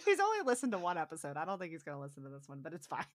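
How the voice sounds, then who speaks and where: A woman co-hosting a podcast, casually recapping a TV episode as a lively storyteller who acts out the quotes. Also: sits low, racing, dry recording, clean studio sound. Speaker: podcast co-host.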